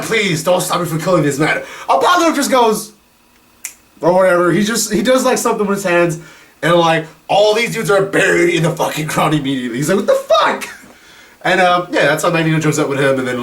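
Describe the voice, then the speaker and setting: A man's voice: on the high side, fairly bright tone. A young man giving a casual, profane film review, rambling with lots of fillers, a little distant from the mic. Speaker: movie reviewer.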